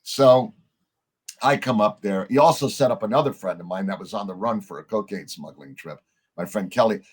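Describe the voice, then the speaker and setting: Husky, low-voiced man telling a story. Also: normal speed. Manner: animated storyteller, acts out quoted dialogue, swears casually. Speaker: podcast guest. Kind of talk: storytelling in a podcast interview.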